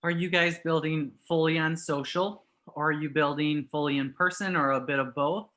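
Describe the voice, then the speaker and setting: A man's voice: fairly high pitch, steady tone, normal speed, fairly bright tone. A man speaking as a guest coach on a video call, talking directly and asking plain questions. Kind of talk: coaching talk.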